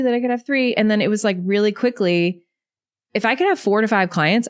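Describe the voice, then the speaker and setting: A woman in her thirties talks through her story as a podcast guest, with a chatty, animated flow and plenty of "like". Her pitch sits in the middle of the range. The sound is close and dry, with no room around it. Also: no echo. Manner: chatty, animated, says "like" often. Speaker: podcast guest, business coach. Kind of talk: casual interview storytelling. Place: podcast studio.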